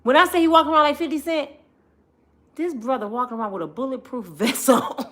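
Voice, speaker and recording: A woman vlogger telling a comedic storytime in an animated, slangy, joking manner, often laughing. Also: high-pitched, fairly quick.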